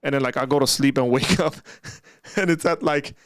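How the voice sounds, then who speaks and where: A man hosting a casual chat, excitable and curious, laughing often. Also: mid-range voice, a little fast, a crowd in the background. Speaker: host.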